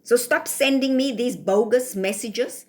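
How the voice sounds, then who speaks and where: A woman's voice: fairly high pitch, measured pace, darkish tone. A woman with a South African accent, ranting and lecturing in a scolding, rhetorical way in a casual vlog. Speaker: vlogger. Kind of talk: casual rant to camera.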